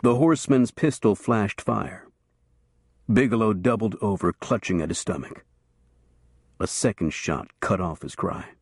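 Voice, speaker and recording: A man narrating a western novel as an audiobook in a steady, measured storytelling voice. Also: lowish voice, breathy edge, dry recording, studio quality.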